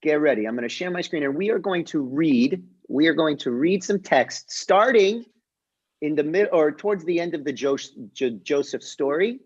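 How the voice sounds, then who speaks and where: A young man, a rabbi, teaching a casual online class and retelling a story in a joking, lively way. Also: a little high, normal speed, breathy edge, highs cut off. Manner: lively, jokey retelling with voiced characters. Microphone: video call.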